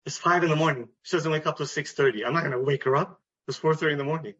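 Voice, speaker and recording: A man with a Canadian English accent giving an earnest personal talk at a recovery meeting, repeating phrases and pausing to restart. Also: a little high, a bit bright. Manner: earnest, repetitive, with pauses and restarts. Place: meeting hall. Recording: dull lo-fi recording.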